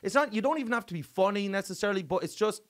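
A man's voice: sits high, expressive, racing. A man with an Irish accent, a comedian chatting casually as a guest and telling stories, swearing freely with bursts of emphasis. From Ireland. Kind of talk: casual chat.

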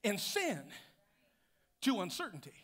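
A man preaching with a high, bright, ringing voice. He works the congregation in call-and-response, dropping to near whispers and then building up to full shouts. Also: huge pitch swings, unhurried. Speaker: pastor. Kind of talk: sermon.

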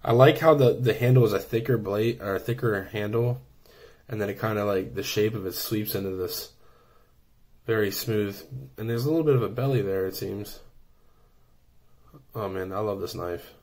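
A man's voice: lowish voice, normal speed, darkish tone. A man giving an enthusiastic, rambling review while unboxing a subscription knife, with many fillers and restarts.

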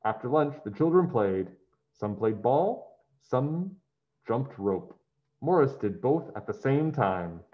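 Man storybook reader, unhurried, muffled recording. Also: medium pitch, sing-song. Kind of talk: children's story read-aloud. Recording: dull lo-fi sound.

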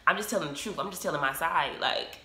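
Animated woman telling a story, acts out quotes, bright voice, roomy echo. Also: low-pitched, quick pace. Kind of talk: casual storytime monologue.

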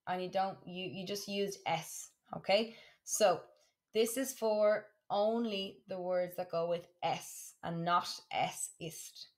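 A woman with a mid-range voice teaches a German classroom lesson to students. She says words slowly and clearly and repeats them so they can practice.

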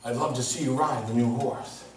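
A man voicing a calm, friendly male friend, speaking softly. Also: mid-range voice, normal speed, a little hiss or hum, natural voice. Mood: gentle. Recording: echoey hall from far off.

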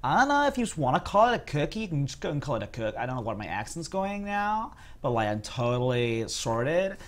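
A man's voice: mid-range voice, expressive, quick pace, close to an everyday voice. A man putting on a ditzy young Valley Girl woman, drawling and filling his talk with "like". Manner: drawling, hedging with "like".

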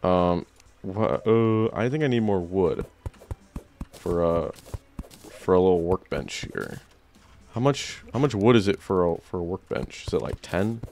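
Young man, gaming commentary, lowish voice, excitable, sudden loud yelps. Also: a little slow, pauses often. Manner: excitable, swings into loud high-pitched outbursts. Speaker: gaming YouTuber. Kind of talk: excited let's-play commentary.

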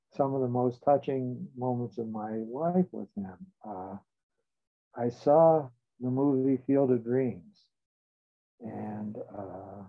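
An older man, a psychotherapist, calmly tells stories from his practice and repeats past conversations. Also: mid-range voice, vocal fry. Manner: measured, recounting dialogue with shifts in loudness. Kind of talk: reflective storytelling. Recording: tinny phone-like line.

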